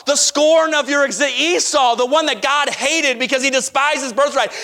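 A man preaching a sermon emphatically, moving between raised shouts and hushed asides. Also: extremely high pitch, gravelly.

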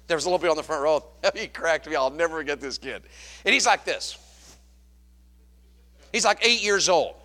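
A man preaching a sermon as a pastor, animated, swinging from loud to hushed. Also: on the high side, brisk, pauses often.

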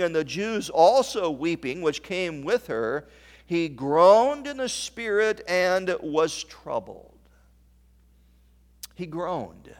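A male pastor delivering a sermon in an unhurried, measured cadence. His voice sits a little high, and he quotes old-style scripture, swinging between soft near-whispers and ringing emphasis. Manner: quoting King James scripture.

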